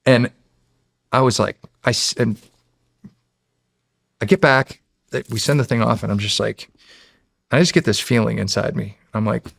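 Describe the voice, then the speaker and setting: Gravelly guy in his 40s from the us, chatty storyteller, does all the voices, swears a lot, dry close sound. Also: mid-range voice, normal speed, long pauses, dry recording. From United States. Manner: animated storyteller who acts out quotes and swears freely. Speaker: podcast guest. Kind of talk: casual storytelling.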